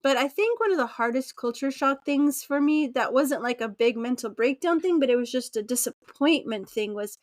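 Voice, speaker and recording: A woman's voice: high voice, animated, normal speed, few pauses, dry recording, clean studio sound. A woman from Utah in her thirties, a podcast guest chatting casually and laughing often, sometimes acting out quoted voices. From Utah, USA. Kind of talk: casual interview conversation.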